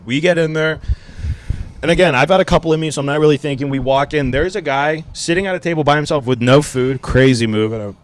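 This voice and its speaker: A man's voice: on the high side, fast talker. A man co-hosting a podcast, telling a rambling, profane story in casual chat. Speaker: podcast co-host.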